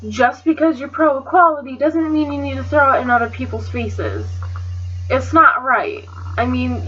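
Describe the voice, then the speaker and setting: High-voiced woman ranting indignantly. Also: highs cut off, a little hiss or hum. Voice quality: swears freely, loose filler-heavy chatter. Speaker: vlogger. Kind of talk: casual storytelling rant.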